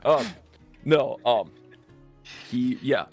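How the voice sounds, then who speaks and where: A man's voice: medium pitch, extremely slow, faint music behind. A sick man chatting easily about his tabletop character, laughing often. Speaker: tabletop game player. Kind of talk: casual out-of-character chat.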